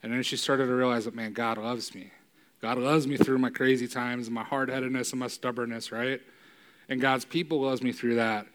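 A man's voice: mid-range voice, flat delivery, moderate pace. Emotional, conversational male preacher. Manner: emotional, builds to loud emphatic peaks; casual, conversational with fillers like "right?". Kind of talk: sermon.

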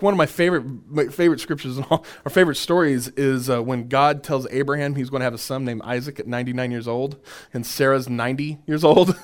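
A man who is a minister, leading a conversational Bible workshop. He chuckles often and repeats his key points. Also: mid-range voice.

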